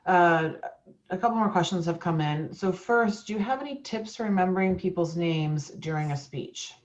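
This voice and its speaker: A woman with a lowish voice moderates a webinar Q&A, friendly and relaxed. Her video call audio sounds dull and lo-fi. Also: moderate pace.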